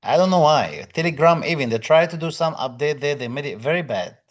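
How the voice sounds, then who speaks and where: A male lecturer with a slightly high voice talks casually on a live stream. He greets viewers one by one, reads out their comments and answers them in loose, filler-heavy English. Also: animated, brisk. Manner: non-native English phrasing with fillers. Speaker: exam prep lecturer.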